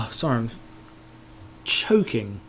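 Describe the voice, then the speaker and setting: A man's voice: medium pitch, very animated, drawn-out words. A man grumbling and swearing to himself while giving casual gameplay commentary.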